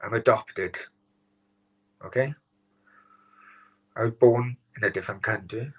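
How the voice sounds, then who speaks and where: A man hosting his own live stream, upset and close to tears, talking haltingly with many restarts and some swearing. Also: fairly low pitch, slightly rough, dull audio. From Wales. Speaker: channel host.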